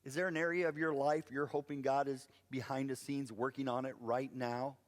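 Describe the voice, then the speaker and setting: A man preaching a sermon, telling a Bible story in a lively way with playful asides. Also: mid-range voice, moderate pace, big-room sound. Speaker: pastor. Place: church sanctuary.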